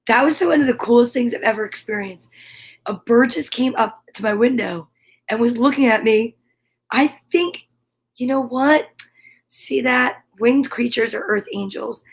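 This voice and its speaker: A middle-aged woman hosting a home story time, talking warmly and encouragingly straight to her viewers. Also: fairly high pitch, slightly rough. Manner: warm encouraging, gushing, talks straight to viewers. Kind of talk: upbeat video chat to viewers. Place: home room by a window. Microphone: camera with ring light.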